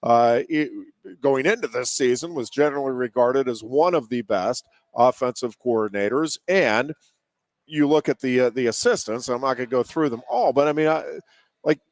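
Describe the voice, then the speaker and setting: A man co-hosting a sports talk show, laying out his reasoning in a measured, analytical way. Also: medium pitch, no room sound. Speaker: co-host.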